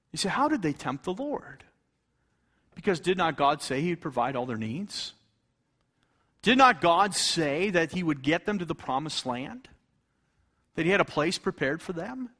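A middle-aged man preaching a fervent sermon, reading scripture aloud and swinging between loud exclamations and hushed tones. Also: on the high side. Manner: reads scripture in King James English.

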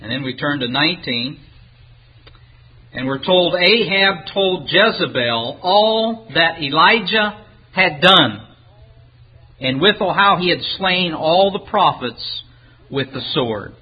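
A man's voice: fairly high pitch, slow, breathy edge, dull audio. A man preaching a sermon, retelling a scripture story, reading the old-fashioned verses aloud and acting out the characters' lines. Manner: animated, acts out the characters' lines; reads the King James wording aloud.

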